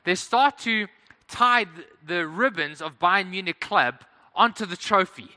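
A man's voice: high-pitched, a little slow, pushed and bright, long reverb tail. A man preaching a sermon in a conversational way, putting questions to the congregation.

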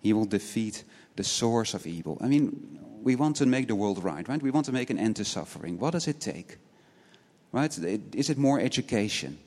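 Male preacher, lowish voice, earnest, rhetorical questions, word-repeating restarts, long church-hall reverb. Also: warm tone. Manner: asks many rhetorical questions, tagging points with "right?". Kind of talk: sermon.

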